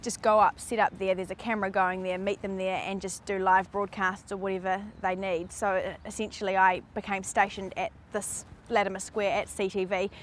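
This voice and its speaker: A New woman, a television reporter, recounting events in a measured documentary interview. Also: mid-range voice, level tone, a little hiss or hum.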